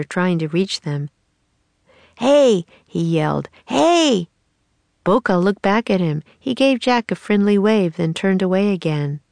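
A woman reading a children's chapter book aloud in a clear, measured storytelling voice. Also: on the low side, dry recording. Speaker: audiobook narrator.

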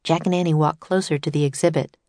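A woman narrating a children's storybook in a clear storytelling manner. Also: deep voice, fairly even intonation, fast, warm tone, no echo. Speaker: audiobook narrator.

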